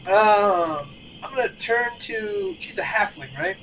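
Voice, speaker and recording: A man with a high, sharp voice plays his character in a tabletop game. His voice swings around a lot, and he lapses into a mock-formal manner in character, with faint noise in the background. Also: wildly swooping pitch, slow pace, rough recording. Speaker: player.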